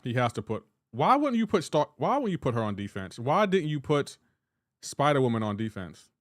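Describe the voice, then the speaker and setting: This man, a live-stream gamer with a light Southern US accent, talks casually and responds to messages from his viewers. His pitch sits fairly high, and the studio sound is clean, without any room echo.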